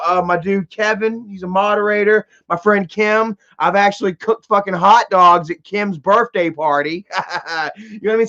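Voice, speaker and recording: A man with a high voice and sharp tone chats casually with his live stream chat, rambling through a story packed with swearing, fillers, and restarts. The audio is lo-fi and slightly dull.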